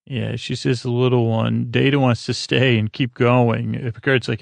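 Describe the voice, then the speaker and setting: A man's voice: mid-range voice, flat delivery, measured pace, creaky, dry recording. A man hosting a podcast, casually retelling a TV episode in a rambling, filler-heavy way and paraphrasing the characters in loose slang.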